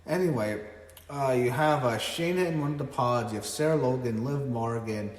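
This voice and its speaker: A man reviewing a wrestling show in a casual, blunt way, cursing often and getting loudly fed up. His voice sits at an ordinary middle pitch. The room echoes, with a long reverb tail. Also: normal speed. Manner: blunt, swears a lot, gets loudly exasperated.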